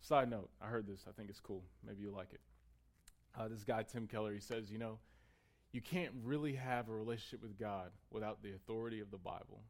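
A man's voice: on the low side, steady tone, fairly quick. Conversational man preaching a sermon. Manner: conversational, building to emphatic peaks. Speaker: pastor.

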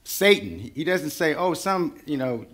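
A man's voice: medium pitch, animated, moderate pace, a bit bright. A man preaching a sermon in a conversational way, building to rising intensity. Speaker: pastor.

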